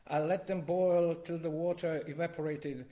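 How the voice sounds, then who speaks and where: A man reading his own poem to a live audience, with expressive rises and drops in his voice. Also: moderate pace. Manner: expressive, wide swings in pitch and loudness. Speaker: poet reading his work. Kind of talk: poetry reading.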